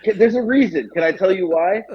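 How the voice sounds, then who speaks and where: A man co-hosting a podcast, telling a story in casual chat, animated and profane, acting out the voices of other people. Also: high voice, a little fast, lo-fi sound, a crowd in the background. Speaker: podcast co-host.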